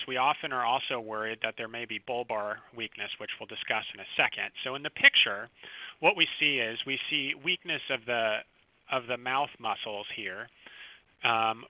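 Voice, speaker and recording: A man, a physician, giving a recorded medical lecture over slides, explaining clinical signs in a calm, teaching manner. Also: medium pitch, no echo. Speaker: physician lecturing first responders. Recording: dry, slightly dull close recording.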